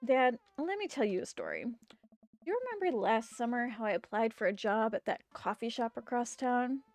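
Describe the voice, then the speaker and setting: Brief: sarcastic teen daughter in a game, voiced by a woman, wry, flat, close dry sound. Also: fairly high pitch, moderate pace, no room sound. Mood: storytelling. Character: sarcastic teenage girl, deadpan daughter.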